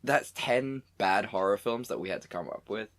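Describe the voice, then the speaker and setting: A man's voice: lowish voice, normal speed. A man co-hosting a casual comedy podcast, rambling a little and circling back to his welcomes. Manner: rambling, with fillers and repeated welcomes. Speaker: podcast co-host.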